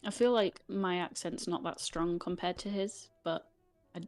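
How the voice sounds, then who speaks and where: A woman with a Yorkshire accent and a fairly low voice, chatting casually as a guest and dropping in fillers as she talks. The sound is dry and close, with faint music behind her. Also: steady tone, measured pace, a little mellow, no echo. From York, England. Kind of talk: casual chat.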